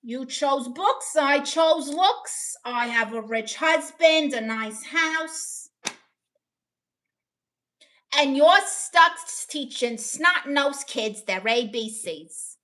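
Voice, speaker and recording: A woman putting on the voice of a vain, snobbish rich mother who mocks a teacher in a slow, smug drawl. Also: high-pitched, expressive, bright, forceful tone, heavily acted.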